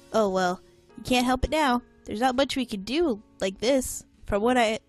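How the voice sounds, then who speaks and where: A woman's voice: a little high, unhurried, faint music behind. Giggly young woman commentating a game. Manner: giggly, swears, lively reactions. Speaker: game streamer. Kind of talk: casual gameplay commentary.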